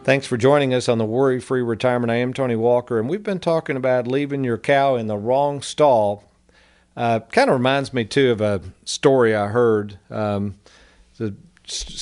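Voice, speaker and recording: A man's voice: mid-range voice, fairly even intonation, moderate pace, darkish tone, smooth. A man hosting a radio talk show on finances, giving a folksy, persuasive monologue with stories.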